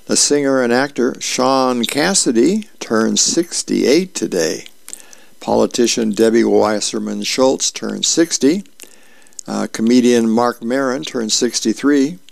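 A man's voice: slow pace, no room sound. A male radio host casually reading comic strips aloud, acting out the characters' lines. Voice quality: gravelly. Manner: acts out character lines with raised pitch.

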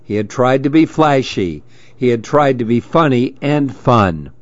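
A man reading a children's storybook aloud, gentle and expressive. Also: mid-range voice, measured pace, no room sound, lo-fi sound.

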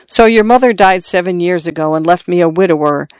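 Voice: medium pitch, fairly quick, clean tone, no room sound, lightly acted. A narrator voicing a wounded middle-aged father who confides to his son in an insistent, repetitive way, short of breath. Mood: confiding. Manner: confiding, insistent, repeating himself. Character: dying middle-aged farmer father, earnest.

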